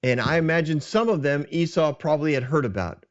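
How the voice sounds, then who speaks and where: A man's voice: fairly high pitch, fairly quick, muffled recording. A man hosting a podcast, casually retelling a scripture story in a conversational, self-deprecating way. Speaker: podcast host.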